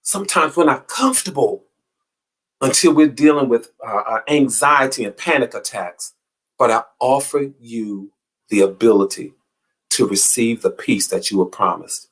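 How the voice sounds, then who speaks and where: A motivational show host gives an inspirational talk in a preacherly style, repeating phrases with emphasis that rises and falls and swells. His mid-range voice is husky and expressive, delivered at a normal speed.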